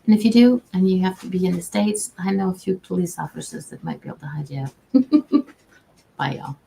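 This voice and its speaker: This woman's lowish, creaky voice moves fairly quickly over poor audio with a little hiss or hum. Working as a customer service agent, she livestreams casual advice from her own camera, folksy, chatty and kind-hearted, often breaking off to begin sentences again.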